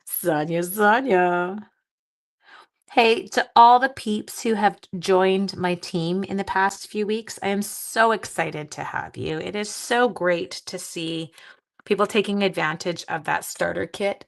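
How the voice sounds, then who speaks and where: A woman's voice: mid-range voice, takes it slowly, creaky, poor audio. A woman in her forties hosting a live crafting stream from her home craft room, chatting with viewers in a casual, enthusiastic way. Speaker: crafting livestream host.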